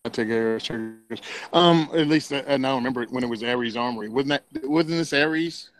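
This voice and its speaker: A man's voice: medium pitch, fairly quick, low-quality recording. A man co-hosting a gun podcast, chiming in during casual chat. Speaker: podcast co-host.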